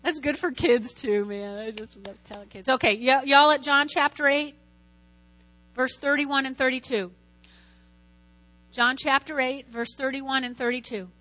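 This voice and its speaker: A woman preaching a sermon in a lively way, calling out to her listeners and asking them to answer back. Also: high voice, a little slow. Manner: lively, lots of call-and-response. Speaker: Christian teacher preaching.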